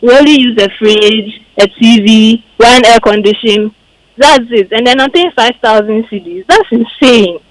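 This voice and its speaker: A woman's voice: on the high side, a little slow, rough recording. A woman calling a radio show and explaining her grievance in detail. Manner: aggrieved, detailed account. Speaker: caller. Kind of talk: call-in complaint.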